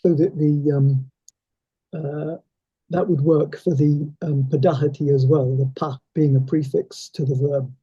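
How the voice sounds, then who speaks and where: A man's voice: a little high, level tone, unhurried, mellow, breathy edge. A male student in a language class, asking tentative questions, on a dull lo-fi recording.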